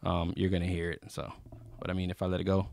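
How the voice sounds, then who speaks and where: A man's voice: deep voice, monotone, fast, creaky, a little mellow. A man casually reviewing microphones on camera, rambling with fillers and restarts. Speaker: YouTube gear reviewer. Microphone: close studio microphone.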